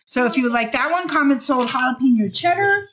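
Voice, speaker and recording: A woman's voice: high voice, lively intonation, fairly quick, a bit bright, slight background noise. A woman hosting a live online shopping sale, talking casually and upbeat with lots of fillers and restarts.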